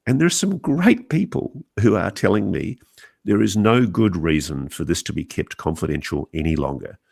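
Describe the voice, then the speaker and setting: A deep-voiced, middle-aged Australian man talks in an earnest, measured way, now and then halting to restart a thought. His low voice carries a gravelly edge. He sounds like a guest author answering interview questions. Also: expressive, a little mellow.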